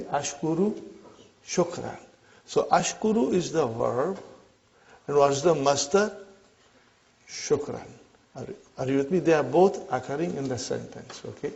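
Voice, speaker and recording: A man lectures a classroom on grammar at an unhurried pace, his fairly high voice gravelly with fry. He repeats points and checks in with his students often. The recording sounds dull and lo-fi. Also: darkish tone. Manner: slow, repetitive, checks in with listeners. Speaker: Arabic teacher.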